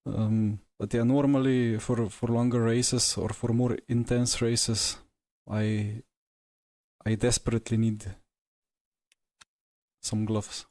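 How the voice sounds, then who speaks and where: A man's voice: mid-range voice, level tone, takes it slowly, darkish tone, dry recording. A man streaming a sim race, out of breath and chatting casually as he talks through the race. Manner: breathless, chatty and reflective after racing. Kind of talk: casual live commentary while sim racing.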